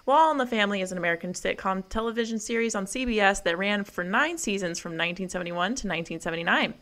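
Woman host reading off trivia, bright voice, quick and chatty. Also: medium pitch. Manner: brisk and informative. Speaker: podcast host.

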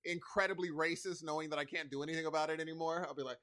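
A man co-hosting a casual podcast who talks in a playful, animated way and laughs often. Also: on the high side, rapid-fire, few pauses. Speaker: podcast co-host. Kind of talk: casual chat.

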